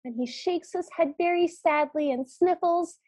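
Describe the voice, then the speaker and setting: A woman co-hosting a podcast, retelling a cartoon in vivid, deadpan detail. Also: very high voice, normal speed, dry recording. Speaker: podcast co-host. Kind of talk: casual recap chat.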